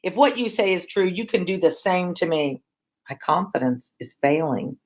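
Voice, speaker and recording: Doomed weary king read by a woman for a class read-aloud, slightly low voice, plain delivery from the page. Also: animated, normal speed, darkish tone, natural voice, low-quality recording. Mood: grim. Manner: reads the lines aloud from a text. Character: weary doomed Scottish king Macbeth, man.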